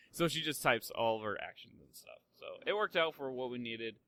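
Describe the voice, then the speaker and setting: A man's voice: medium pitch, animated, moderate pace, bright, forceful tone, no echo. A young man hosting a podcast in casual chat, rambling with lots of fillers and restarts and swearing freely. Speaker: podcast host.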